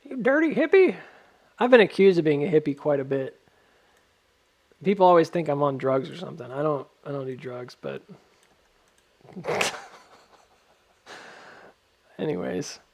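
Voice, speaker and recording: A man's voice: on the high side, measured pace, vocal fry, pauses often. A man giving casual stock chart commentary, rambling with lots of ums and laughing at his own jokes.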